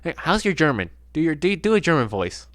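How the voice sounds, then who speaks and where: A sarcastic man commentating on a game, swearing freely in casual chat. His pitch moves in a lively way. The sound is dry, with faint game music underneath. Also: brisk, no room sound. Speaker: let's play host.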